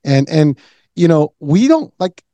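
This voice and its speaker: A man's voice: on the high side, very animated, unhurried, mellow, no room sound. A man hosting an interview, casual and full of fillers, laughing easily. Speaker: podcast host. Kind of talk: interview conversation.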